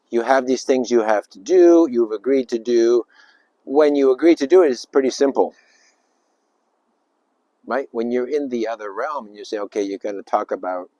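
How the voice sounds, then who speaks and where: A man's voice: medium pitch, no room sound. Emphatic rambling man, dry sound. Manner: rambling, emphatic, with sudden loud bursts; acts out little voices and sounds. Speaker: spiritual speaker. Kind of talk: informal spiritual talk.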